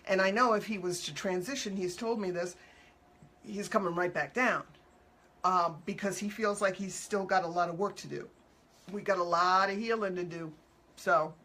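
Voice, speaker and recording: A woman's voice: medium pitch, a bit bright. A woman hosting a show as an animal communicator, chatting casually and upbeat with viewers, answering their questions in loose, repetitive phrasing and acting out quotes playfully.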